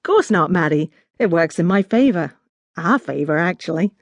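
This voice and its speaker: A woman's voice: fairly low pitch, expressive, moderate pace, dry recording. A woman narrator voicing a charming young Australian man who teases affectionately. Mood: teasing. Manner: teasing, affectionate.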